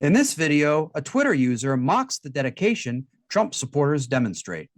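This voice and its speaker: A man's voice: a little high, very animated, normal speed, dry recording. Dry-voiced male satirical host. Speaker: show host. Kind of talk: satirical news commentary.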